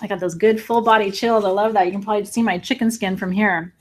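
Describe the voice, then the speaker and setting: A woman hosting a live crystal sale online, talking excitedly to viewers in an emotional, gushing way and laughing often. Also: mid-range voice, quick pace. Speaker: livestream crystal seller. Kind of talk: live sales stream, chatting with viewers.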